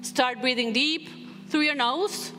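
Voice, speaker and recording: Animated woman speaker in a reverberant hall. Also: sits high, slow pace. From Latin America. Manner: animated storytelling, acts out dialogue. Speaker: motivational speaker. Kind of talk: live motivational talk to an audience. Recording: hall reverb from a live stage.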